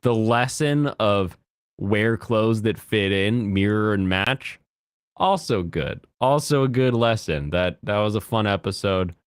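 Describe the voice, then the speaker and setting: A man's voice: on the low side, expressive, unhurried, clean tone, dry recording, clean studio sound. A man in his thirties chatting casually as a streamer, rambling and giggly. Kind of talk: casual chat.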